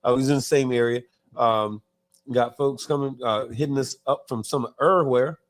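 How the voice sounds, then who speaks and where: A man's voice: mid-range voice, a little fast. A man hosting a live talk show in casual chat, reading viewer comments aloud and often stumbling and restarting his words. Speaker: podcast host.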